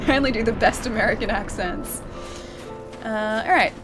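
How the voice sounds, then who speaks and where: A woman's voice: on the high side, moderate pace, long pauses, over music. A woman streamer chatting casually while she plays a game, reading viewer messages aloud and laughing often. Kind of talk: casual live-stream chat while gaming.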